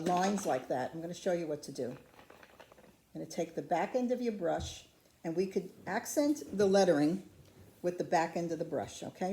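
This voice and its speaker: A woman patiently demonstrating ceramic painting step by step, chatting to the camera as she works. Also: fairly low pitch. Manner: calm, patient, chatty instruction. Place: craft studio.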